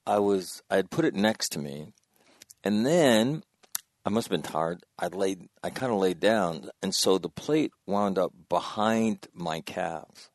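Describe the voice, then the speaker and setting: A man's voice: low-pitched, animated, unhurried, no echo. A man in his sixties telling a long personal story in casual chat, rambling and correcting himself and laughing at his own mishaps. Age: 60s.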